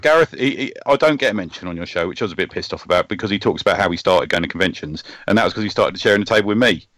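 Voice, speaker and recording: Male podcast host, low voice, dry sound, rambling chatty delivery. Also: animated, very fast, a bit bright, dry recording. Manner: chatty, rambling, with many ums and restarts. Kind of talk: casual chat.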